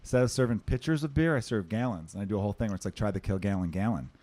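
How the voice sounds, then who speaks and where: A man in his thirties with a Chicago accent hosts a casual podcast chat, telling stories fast and swearing freely. His voice is mid-range, animated and darkish.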